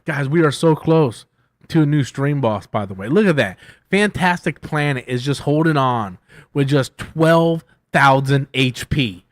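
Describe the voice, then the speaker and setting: A man hosting a casual livestream, rambling loosely with lots of swearing and self-mockery, swinging between loud bursts and mumbled asides. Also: mid-range voice, animated, unhurried, dry recording. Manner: loose, profane, self-mocking, riffs and hums to himself. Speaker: YouTube host answering viewer questions.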